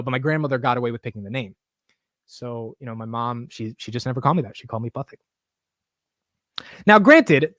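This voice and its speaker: A man's voice: mid-range voice, fairly bright tone, no echo, clean studio sound. A young man hosting a casual livestream, talking in an emotional, rambling way, swearing now and then and repeating himself. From United States. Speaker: livestream host.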